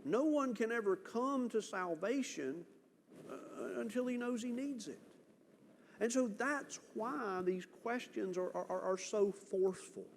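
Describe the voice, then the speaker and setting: A man preaching a sermon as pastor, earnest and emphatic, with dramatic pauses. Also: fairly high pitch, darkish tone, a little hiss or hum. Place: church sanctuary. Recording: church hall reverb, faint ambience.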